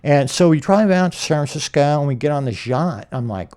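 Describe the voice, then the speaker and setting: A man's voice: fairly high pitch, expressive, fairly quick, hardly any pauses, mellow. Rambling storyteller man hosting an interview. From California. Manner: rambling anecdotes with acted-out quotes and laughs. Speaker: podcast interviewer.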